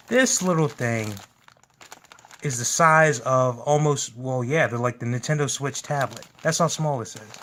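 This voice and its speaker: A man's voice: mid-range voice, fairly bright tone, slight background noise. A man hosting a gaming channel, giving casual, enthusiastic unboxing commentary at home. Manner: enthusiastic, gushing.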